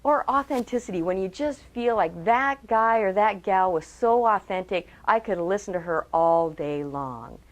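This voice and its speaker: A woman trainer giving a webcast talk on public speaking. She is lively, asks her audience direct questions and acts out quotes in changed voices. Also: medium pitch, normal speed, few pauses. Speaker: communication trainer.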